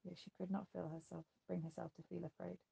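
A woman reading a novel aloud in an even, measured way. Her voice is dark and husky with a heavy gravel. It suits a steady audiobook narration. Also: on the low side. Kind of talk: scripted narration.

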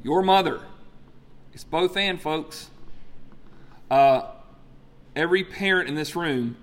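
A man's voice: fairly high pitch, slow pace. A man preaching a sermon as pastor, talking conversationally and often checking in with the room. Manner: conversational, checks in with "okay?" and "folks"; animated storyteller.

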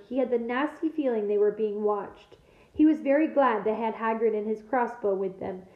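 A woman teacher reading a novel aloud to her class, in a steady storytelling manner with small slips. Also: a little high. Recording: echoey room, tinny phone-like sound.

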